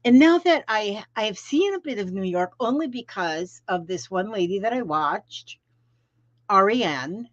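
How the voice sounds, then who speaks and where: Here a middle-aged woman from Florida runs a crafting live stream from home, greeting viewers by name as she rambles in a casual, folksy manner. Her pitch is medium, her delivery animated yet unhurried. The lo-fi stream recording sounds dull and dry, with no room sound.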